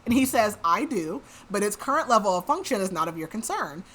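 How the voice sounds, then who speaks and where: A woman with a bright, forward voice talks through a book's plot on her podcast. Her delivery is loose and conversational, packed with "like" and quick asides. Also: mid-range voice, very animated. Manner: chatty, says "like" a lot. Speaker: podcast host. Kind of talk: casual book recap.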